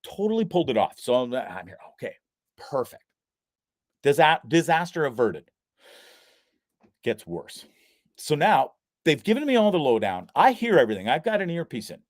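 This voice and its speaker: A man hosting a live show, telling a story in a casual, animated way, swearing, laughing at himself and acting out other people's voices. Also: fairly high pitch, normal speed, pauses often, no room sound, clean studio sound.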